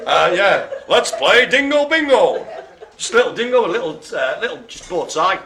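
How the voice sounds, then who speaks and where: A man's voice: high-pitched, very animated, moderate pace, crowd noise. A man hosting a live bingo game, playful and punning, laughing often. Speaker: bingo host. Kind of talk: jokey live bingo calling. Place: care home activity room.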